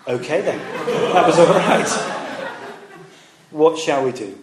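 A man's voice: on the high side, lively intonation, takes it slowly, pauses often, a little hiss or hum. A man, a preacher and former teacher, giving a conversational sermon with rhetorical questions and stories. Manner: conversational, rhetorical questions, acts out quoted voices. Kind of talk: sermon with storytelling. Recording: echoey room.

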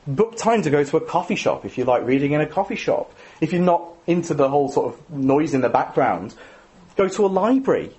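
A man's voice: on the high side, a little mellow. A man giving a sermon in a conversational, self-deprecating way, often adding tag questions. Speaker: preacher.

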